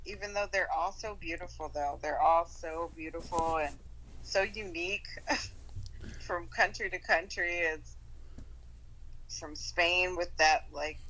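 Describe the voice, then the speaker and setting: A woman's voice: lowish voice, takes it slowly, bright, forceful tone, a little hiss or hum, rough recording. A woman guest on a podcast chatting casually, upbeat and playful, laughing often.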